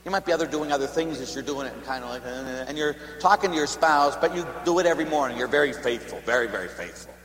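A man's voice: mid-range voice, fast, few pauses, a bit bright, echoey room, long reverb tail, faint music behind. A man preaching a homily as a Catholic priest in a church, telling long humorous stories in a conversational way. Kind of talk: sermon.

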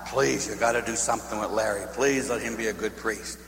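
A man voicing his loving elderly grandmother, soft, low and pleading, recorded in an echoey hall. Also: steady tone, fairly quick. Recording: echoey hall, faint hum.

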